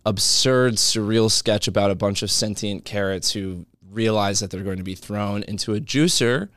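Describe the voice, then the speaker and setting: A comedian guest chats in a loose, rambling way, often restarting his sentences. His voice is smooth and resonant, recorded close and dry. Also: on the low side, moderate pace, a bit bright, no echo. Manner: rambling, self-interrupting storyteller. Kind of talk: casual podcast chat.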